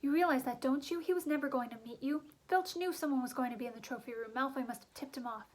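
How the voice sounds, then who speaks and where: Brief: woman doing a sharp-tongued clever girl, high-pitched and scolding. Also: fast. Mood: lecturing. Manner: snappish, lecturing. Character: bossy, clever schoolgirl.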